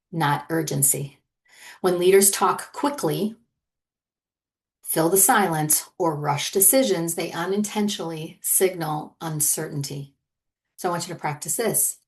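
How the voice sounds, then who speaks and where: Earnest low-voiced woman coaching leaders. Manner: earnest and encouraging, often checks in with "right?". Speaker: leadership coach and podcast host. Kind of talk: conversational teaching monologue.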